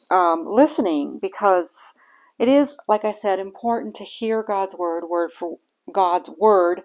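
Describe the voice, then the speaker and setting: A woman hosting a bible-reading podcast, talking in a halting, earnest way with many fillers and restarts. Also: medium pitch. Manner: earnest and reflective. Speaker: podcast host reading scripture.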